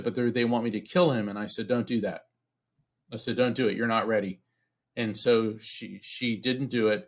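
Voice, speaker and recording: A middle-aged man from Central Florida, a podcast guest telling a personal story in an earnest, halting way, with restarts, acting out the voices he quotes. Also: mid-range voice, fairly bright tone. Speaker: podcast guest, psychic medium. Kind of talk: storytelling in a casual interview.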